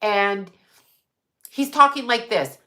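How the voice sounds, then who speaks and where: A woman's voice: mid-range voice, animated, slow pace, bright, forceful tone. A woman hosting a casual livestream from her desk mic, rambling and conspiratorial, swearing and answering chat as she goes. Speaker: livestream host. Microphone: desk microphone.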